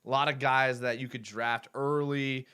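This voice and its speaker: A man's voice: medium pitch, normal speed, clear, resonant tone. A young man hosting a casual live show, reading viewer comments aloud and rambling through his thoughts with frequent restarts. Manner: rambling, self-correcting, animated.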